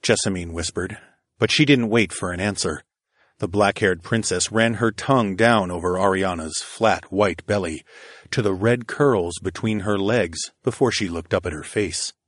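Deep, husky male audiobook narrator. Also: dry recording, studio quality. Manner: slow, intimate, steady storytelling. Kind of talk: first-person erotic audiobook narration.

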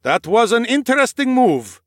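A man's voice: very high-pitched, sing-song, moderate pace, a bit bright, dry recording, clean studio sound, voice pushed up, exaggerated voice. A man voicing a cheerful male noble warrior who loves battle, speaking in a formal, eager, courtly way in an audiobook. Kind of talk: audiobook character voice.

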